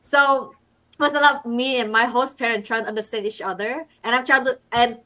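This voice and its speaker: A woman from Vietnam whose first language is Vietnamese, talking casually on a panel and sometimes pausing to find her words. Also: fairly high pitch, steady tone, bright, forceful tone. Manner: halting, searching for words. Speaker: international student guest.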